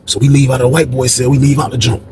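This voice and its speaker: A man telling a story from prison life in a casual, animated way, acting out what people said with sudden jumps in voice. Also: rapid-fire, background noise. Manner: animated, acts out quotes with big pitch jumps.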